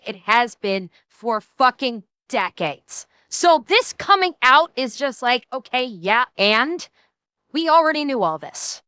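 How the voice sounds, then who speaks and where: A woman's voice: high-pitched, sharp tone, clear, resonant tone, dry recording. A woman streamer giving blunt, profane reaction commentary, often restarting her sentences.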